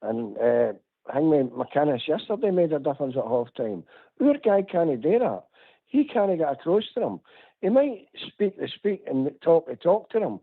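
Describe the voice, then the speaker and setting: A Scottish man on a tinny phone line, venting hard at a radio phone-in. His voice swings widely up and down as he repeats his points with rising heat. The sound is thin and husky. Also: a little high, sing-song, normal speed. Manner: impassioned, repetitive complaining. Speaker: caller. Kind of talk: heated phone-in rant.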